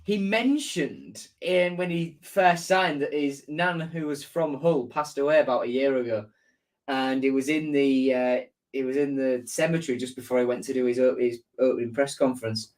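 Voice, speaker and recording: A man's voice: mid-range voice, normal speed. A man hosting a casual live-stream football match preview, chatting and reading out viewer comments as he answers them. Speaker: football fan channel host.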